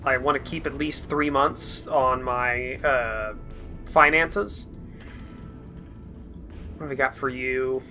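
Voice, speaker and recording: A man hosting a let's play, thinking aloud in relaxed, chatty gameplay commentary. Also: medium pitch, slow pace, pauses often, faint music behind.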